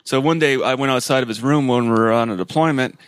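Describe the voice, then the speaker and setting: A man's voice: medium pitch, fast, smooth, no echo. Man telling a casual anecdote.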